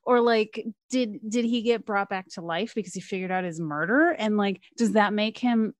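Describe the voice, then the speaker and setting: A woman's voice: mid-range voice, moderate pace, dry recording. Young woman telling a story, close dry mic. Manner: animated storytelling with acted-out quotes. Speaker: podcast co-host. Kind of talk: casual chat.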